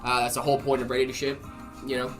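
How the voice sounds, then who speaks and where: A man's voice: medium pitch, completely flat delivery, racing, soft background music. A man co-hosting a livestream in casual chat, rambling in a friendly way and reading viewer messages aloud. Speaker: livestream co-host.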